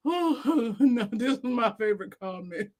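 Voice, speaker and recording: A woman hosts a casual livestream, her high voice breaking into laughter again and again as she reads out viewer comments. She talks slowly and teasingly, in a relaxed, unhurried way. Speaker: livestream host.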